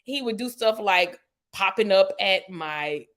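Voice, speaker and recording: A woman, a podcast guest telling a personal story in a lively way, acting out quotes with sudden jumps in pitch and using lots of "you know" and "like". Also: unhurried. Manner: animated retelling, acts out quotes with sharp pitch jumps; frequent "you know" and "like" fillers.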